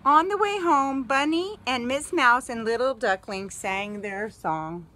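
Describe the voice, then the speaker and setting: A woman reading a picture book aloud to a child, gently and slowly, with gasps and exclamations. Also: on the high side, expressive.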